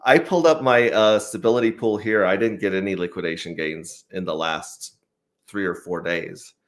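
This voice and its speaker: A man hosting a casual livestream, reading viewer comments aloud in a relaxed way with lots of fillers. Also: sits low, normal speed. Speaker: host.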